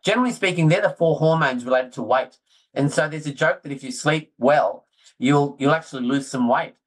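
A middle-aged man, talking excitedly as a guest in a casual interview. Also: medium pitch, normal speed, poor audio. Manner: excitable, animated storyteller, self-deprecating. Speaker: guest orthodontist.

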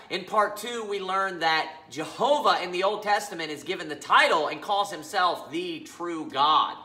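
A man preaching a sermon as pastor, emphatic, slowing down to read scripture aloud. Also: sits high, sharp tone, echoey room, low-quality recording. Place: church sanctuary.

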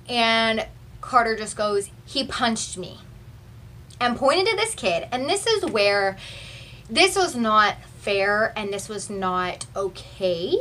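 A young woman from Texas chatting through a storytime vlog, animated and full of "like" fillers, filmed on a phone. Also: on the high side, measured pace, distant mic. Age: young adult. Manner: chatty and animated, heavy use of "like". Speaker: vlogger. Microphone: phone camera.

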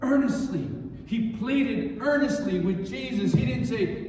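A pastor with a high voice preaches a sermon, suddenly getting louder and softer and repeating key phrases. He sounds set back from the mic, and his voice rings through a large, echoing church hall. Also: measured pace, hardly any pauses, recorded from a distance. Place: church sanctuary.

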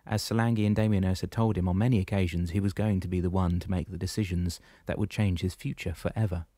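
A low-voiced man reads a novel aloud in a steady, even narration. The recording is close and completely dry. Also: quick pace, no room sound. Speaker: audiobook narrator. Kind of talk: scripted narration.

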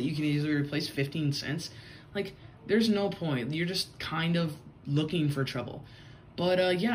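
A man's voice: on the high side, a little hiss or hum. Rambling young man telling a story. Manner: rambling, filler-heavy, says "bro". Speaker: vlogger. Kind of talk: casual story-time vlog.

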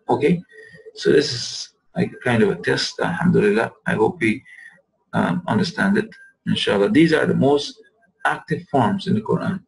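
Gravelly-voiced man teaching pronunciation. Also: mid-range voice, poor audio. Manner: patient, repeats words slowly to demonstrate pronunciation. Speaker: Arabic teacher. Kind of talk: recorded lesson.

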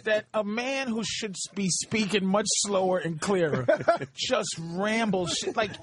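A man on a radio talk show, teasing another guest in a mocking, animated way. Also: high-pitched, measured pace, slightly rough. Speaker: comedian guest.

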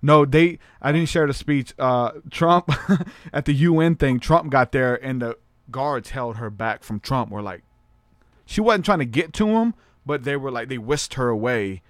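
A man hosting a podcast in casual conversation, chatty and hedging, talking in quick bursts. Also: medium pitch, no echo, studio quality. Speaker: podcast host.

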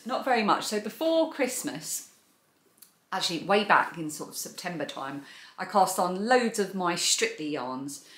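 Recorded in an echoey room, this crochet and knitting channel host shows off her projects in a relaxed vlog, chatting with enthusiasm. She has a lowish, fairly bright voice.

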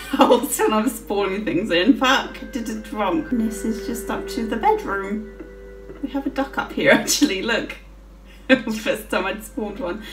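A gaming channel host gives casual gameplay commentary, swearing freely and giggling often as she plays. Her fairly high voice sounds far from the mic, in a roomy space with faint music.

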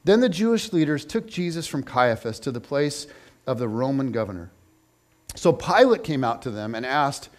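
A man reading a scripture passage aloud in an expressive, measured way. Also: mid-range voice. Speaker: scripture reader.

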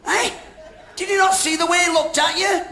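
A man's voice: extremely high pitch, steady tone, normal speed, sharp tone. An older man performing as the straight man of a live comedy double act, scolding his partner in a mock-stern, exasperated way. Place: large theatre stage before a laughing audience. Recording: echoey live theatre recording with audience noise.

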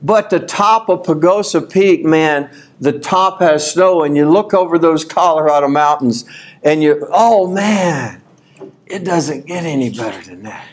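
A man preaching at a conference in a folksy, animated way, his voice sitting fairly high for a man. He reads scripture with rising fervor and breaks into shouts, then drops back into easy storytelling. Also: unhurried. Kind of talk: sermon. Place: conference hall.

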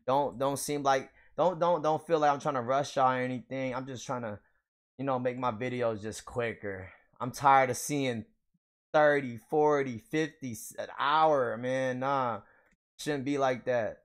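A young man casually opening trading card packs for his viewers, hyped and slangy, laughing often. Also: mid-range voice. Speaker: card pack opener. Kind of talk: casual pack-opening vlog.

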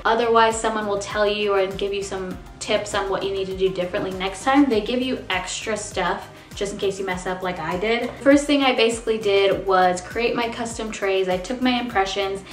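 A young woman with a slight lisp talks brightly and directly to her viewers, reviewing a product she is sponsored for. Her voice sits at an ordinary pitch and rings in an echoey room. Faint music plays beneath her. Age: young adult. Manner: upbeat, chatty, addresses viewers directly. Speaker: beauty vlogger.

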